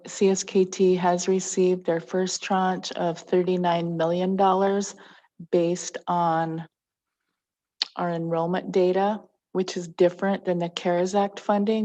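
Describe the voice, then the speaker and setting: Woman, council report, low flat voice, slow and measured, many ums. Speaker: tribal council member giving an update. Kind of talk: meeting report. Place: council meeting.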